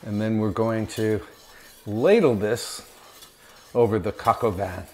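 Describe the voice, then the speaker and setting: A man's voice: on the low side, slow pace, pauses often, warm tone. A man hosting his own cooking channel, chatting enthusiastically in his home kitchen while he cooks and tastes. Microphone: camera mic, moved at times.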